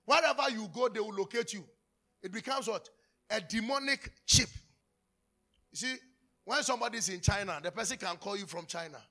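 A man preaching, his voice high and bright. He teaches from the pulpit in an animated way, acting out anecdotes and laughing often. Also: fast. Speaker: pastor. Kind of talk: sermon.

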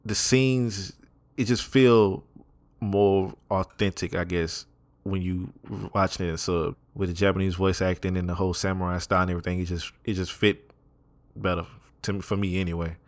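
Young male podcast co-host, very low voice, dry close mic, relaxed slangy delivery. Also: normal speed, dry recording. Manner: laid-back, slangy, laughs often. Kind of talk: casual podcast chat.

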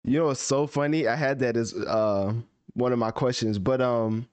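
A man hosts a relaxed music review conversation. He is talkative and opinionated and reasons through sales figures out loud. His voice sits at an ordinary pitch, dry and close to the mic. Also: moderate pace, smooth, dry recording. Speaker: music review podcast host. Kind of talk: casual album review chat.

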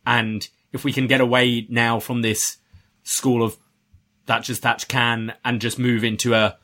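A man with a bright, forceful tone and a mid-range pitch, sharing his opinions in a casual chat. He sounds eager and stumbles into restarts as he builds his points. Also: level tone, unhurried. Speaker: podcast co-host.

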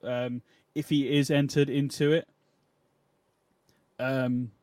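A man co-hosting a wrestling podcast, talking casually and quickly, hedging often as he makes his points. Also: medium pitch, flat delivery, dark tone, dry recording, clean studio sound. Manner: quick, conversational, hedging with "I mean". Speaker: podcast co-host.

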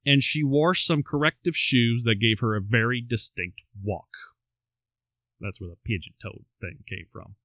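A man's voice: mid-range voice, fairly bright tone, no echo. A man co-hosting a podcast, telling a life story and reading quotes aloud, with wry asides between them. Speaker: podcast co-host. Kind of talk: storytelling chat.

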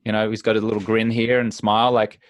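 A man's voice: on the low side, quick pace, no room sound, highs cut off. A man coaching on sobriety in a podcast conversation. He talks emphatically, repeats his key points and acts out little party scenes. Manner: animated, acts out little scenes in other voices.

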